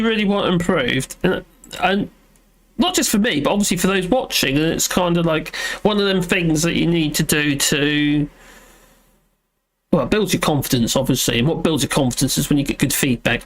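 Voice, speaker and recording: Man, fairly high voice, casual livestream host, rambling, self-deprecating, filler-heavy. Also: a little fast. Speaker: livestream host reading chat. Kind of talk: casual live chat. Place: at home.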